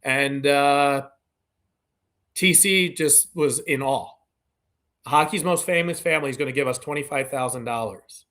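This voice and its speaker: A man's voice: medium pitch, measured pace, fairly bright tone. A man, a podcast guest, telling stories in a casual interview, acting out quoted dialogue with many "you know" fillers. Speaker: podcast guest, community event organizer.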